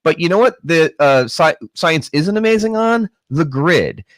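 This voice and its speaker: A man chatting as a guest about politics, thinking out loud with emphatic asides. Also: fairly high pitch, animated, unhurried, dry recording. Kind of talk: casual political chat.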